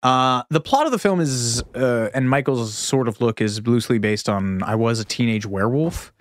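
A man's voice: medium pitch, normal speed, no room sound, studio quality. A man co-hosting a podcast, telling stories in a playful, casual way. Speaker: podcast co-host. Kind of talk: casual chat.

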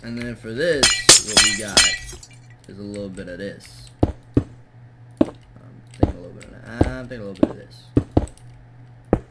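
A man's voice: lowish voice, normal speed, pauses often. Scatterbrained young man counting blocks aloud. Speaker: gaming channel host. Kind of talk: casual game commentary. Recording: loud background noise and keyboard clicks.

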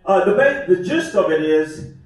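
A man's voice: high-pitched, animated, moderate pace. Echoey man doing stand-up. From West Virginia. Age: 50s. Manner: folksy, self-deprecating, conversational. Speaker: stand-up comedian. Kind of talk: stand-up comedy set. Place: small theater stage. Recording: echoey theater, mic far off. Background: audience laughter.

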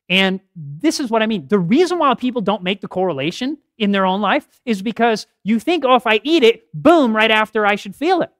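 A middle-aged man giving a health talk at a church podium, telling stories with lively acted quotes. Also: high-pitched, no echo, clean studio sound. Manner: animated storytelling with acted quotes. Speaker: health seminar speaker. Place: church hall. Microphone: podium mic.

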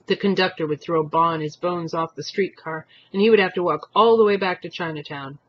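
Husky male reader narrating a storybook, somewhat muffled recording. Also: on the high side, a little fast. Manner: expressive reading, voicing thoughts and characters. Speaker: audiobook reader.

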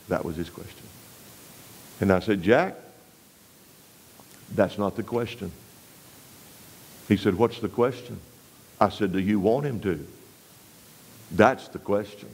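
A man from West Texas, preaching a revival sermon in a folksy storytelling way, dropping low and quiet for emphasis and pressing harder on scripture. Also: slow pace, long pauses, slightly rough, rough recording.

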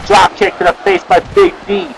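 A young man giving excitable amateur play-by-play commentary on a wrestling match, often shouting exclamations. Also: high voice, normal speed, vocal fry. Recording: noisy amateur video with crowd.

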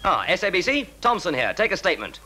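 An actor playing a cowardly, fast-talking publicity man who rattles along and wheedles. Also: sits high, sing-song, bright, forceful tone, slight background noise, full character voice, low-quality recording. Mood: breezy. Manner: rapid, wheedling, panicky when threatened. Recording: old film soundtrack with music.

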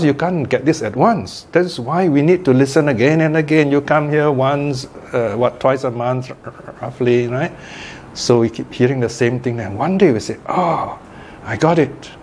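A man's voice: mid-range voice, darkish tone, a little hiss or hum. Older man giving a chatty Dhamma class. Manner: chatty, checks in with listeners by asking "okay?" and "right?". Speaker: Buddhist meditation teacher. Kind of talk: informal Dhamma class talk.

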